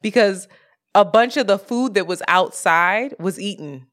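A woman co-hosting a casual podcast, telling a story in an animated way with sudden jumps in pitch and plenty of swearing. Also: a little slow. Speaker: podcast co-host. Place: apartment in Brooklyn, street sirens outside.

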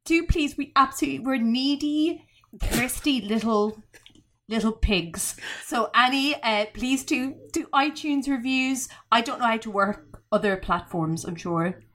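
A woman's voice: on the high side, a bit bright. A woman with an Australian accent hosting a podcast, gushing and playful in casual chat. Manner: gushing, playful, quick asides. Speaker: podcast host.

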